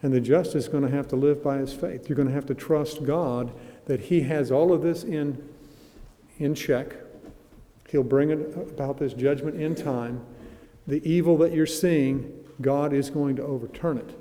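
A man teaching a Bible study in a conversational way, with restarts and slow, emphatic quotes of scripture. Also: medium pitch, warm tone, long reverb tail.

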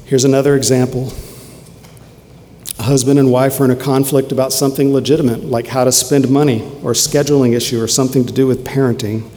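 A man preaching a sermon in an earnest way, swinging from emphatic questions to quiet, low lines, in a church sanctuary. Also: little pitch movement, fast. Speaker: pastor. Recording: long hall reverb, faint ambient noise.

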